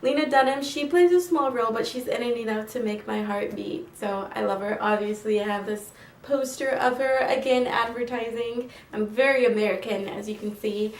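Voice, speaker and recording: A woman's voice: on the high side, normal speed. A young woman talks through a film review, gushing and full of fillers. Her voice sits a little away from the mic, and the room around her rings with echo. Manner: gushing, chatty, many fillers. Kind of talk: casual film review vlog. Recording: roomy, mic at a distance.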